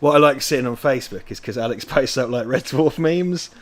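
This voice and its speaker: A man's voice: medium pitch, fairly quick. A man, co-hosting a watch-party stream in rambling, sweary casual chat, laughing often.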